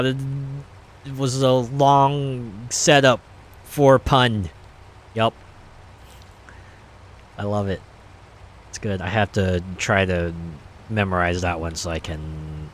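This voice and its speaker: A man's voice: lowish voice, steady tone, takes it slowly, long pauses, a bit bright, a little hiss or hum. A man streaming a game, chatting casually in a rambling, hesitant way with many fillers. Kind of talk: casual chat while playing.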